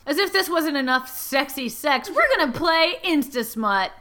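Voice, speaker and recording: Woman podcast host, slightly high voice, crude and joking, casual chat. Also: moderate pace. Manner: crude, joking, animated storyteller. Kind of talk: casual chat and reading aloud.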